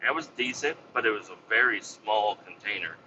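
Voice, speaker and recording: A man's voice: on the low side, expressive, fairly quick, highs cut off, noisy background. A man casually telling a heated story, swearing a lot and getting worked up as he goes. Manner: heated, swears a lot, re-enacts his own yelling. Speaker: podcast host and business owner.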